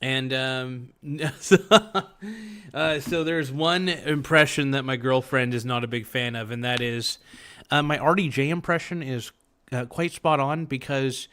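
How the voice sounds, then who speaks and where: A man's voice: medium pitch, steady tone, measured pace, sharp tone, clean tone. Young man, casual livestream host, rambling jokester who pokes fun at himself. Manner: rambling, joking, self-mocking. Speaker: live streamer reading chat.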